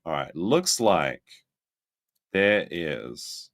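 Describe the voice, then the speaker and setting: A man with a lowish voice talks through clips on a live stream, his pitch leaping up into squeals and then dropping to low mutters. He laughs often and reacts loudly. The delivery is loose, excitable commentary. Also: normal speed. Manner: excitable, breaks into laughter, swings between shrieks and mutters. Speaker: livestream host.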